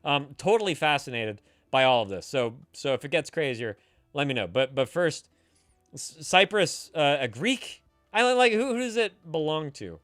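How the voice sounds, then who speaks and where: A man hosting a casual live stream, reading chat aloud and answering with loud, teasing, profane banter while drinking beer. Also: on the high side, animated, normal speed, no room sound, studio quality, faint music behind. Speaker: streamer giving advice to chat. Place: home streaming setup, San Francisco.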